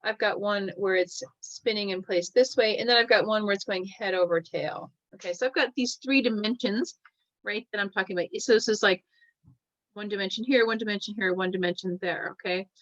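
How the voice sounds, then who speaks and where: A woman teaches a classroom lecture in a middle-pitched voice, walking through each point as she draws and pausing to ask "right?". The recording is dull and lo-fi, with a dry, close sound. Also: fairly bright tone, no room sound. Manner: explains while drawing, checks in with "right?" often.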